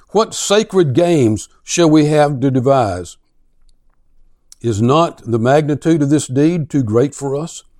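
A man preaching a sermon, speaking slowly and emphatically and building to intense, questioning passages as he reads aloud. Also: a little high, a little mellow. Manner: slow, emphatic delivery, rising to intense questioning when reading aloud. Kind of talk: sermon with dramatic reading.

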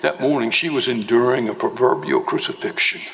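A man preaching a sermon as pastor, slow and emphatic, with dramatic swings in pitch. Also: gravelly, fairly bright tone, a little hiss or hum. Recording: long reverb of a large hall.

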